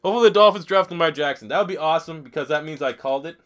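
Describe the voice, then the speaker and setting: Young dude streaming football game, swears a lot, jokey, kinda high voice. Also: male voice, racing, a bit bright. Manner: profane, joking, reads chat aloud. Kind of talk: casual live stream commentary.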